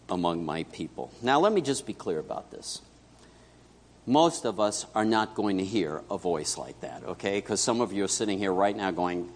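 A man preaching a sermon as pastor, telling a story and acting out its dialogue, swinging between loud and hushed. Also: low-pitched, slight background noise. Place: church sanctuary. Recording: echoey church hall.

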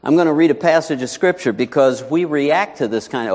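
A man's voice: fairly high pitch, a little fast, hardly any pauses, darkish tone. A man preaching a sermon as pastor, telling a folksy story with asides before rising to emphatic preaching. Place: church sanctuary. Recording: long hall reverb.

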